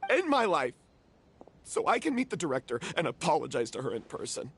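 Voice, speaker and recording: A man's voice: medium pitch, sing-song, normal speed, a little hiss or hum, natural voice. An actor playing a guilt-ridden young male theatre troupe member who speaks in a remorseful, pleading manner in a video game. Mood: anguished.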